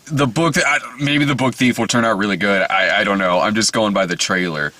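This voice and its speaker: A man's voice: lowish voice, a little fast, pushed and bright. A man co-hosting a casual movie podcast, talking in a profane, rambling way and often cutting himself off. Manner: profane, rambling, self-interrupting. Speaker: podcast co-host. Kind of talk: casual movie-trailer chat.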